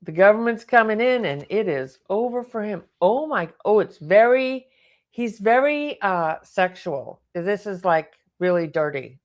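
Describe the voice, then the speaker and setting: A woman's voice: medium pitch, expressive, a little slow. A woman reading tarot cards aloud, thinking aloud and exclaiming as the cards turn up. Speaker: tarot reader.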